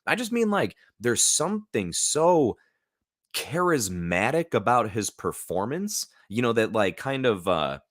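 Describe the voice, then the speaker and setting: A man's voice: mid-range voice, big pitch swings, measured pace, dry recording, studio quality. An American man hosting a casual live stream, rambling loosely with lots of fillers. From United States. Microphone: new studio mic.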